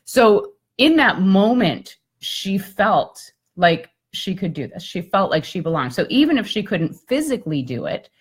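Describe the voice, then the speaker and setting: A woman speaker and coach telling a story in a lively, conversational way on a live video chat, often using "like" and "I mean". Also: medium pitch, measured pace, hardly any pauses, slightly rough.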